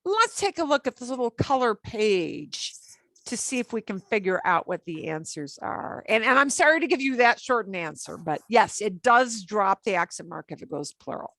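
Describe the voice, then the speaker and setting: A woman's voice: mid-range voice, very animated, moderate pace, fairly bright tone, dry recording. A woman teaching a beginner Spanish class, explaining step by step, slipping in Spanish words and laughing lightly. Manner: patient, explains step by step, switches between English and Spanish.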